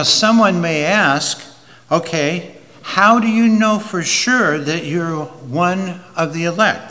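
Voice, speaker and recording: A man preaching slowly and deliberately, leaning on key words as his bright voice carries. His sermon rings through a hall with a long reverb trail. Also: mid-range voice. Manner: slow, deliberate, with emphatic rises.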